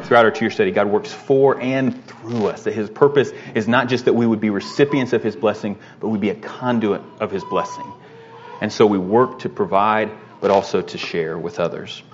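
A man teaching a Bible lesson in a conversational way, often pausing with fillers and asking "right?". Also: on the low side, highs cut off, slight background noise.

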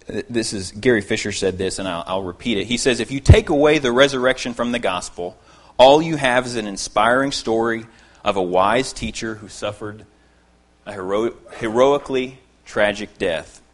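A preacher with an ordinary mid-range voice delivers an expository sermon. He's earnest and emphatic, pressing hard on key phrases and repeating them before dropping into quieter asides.

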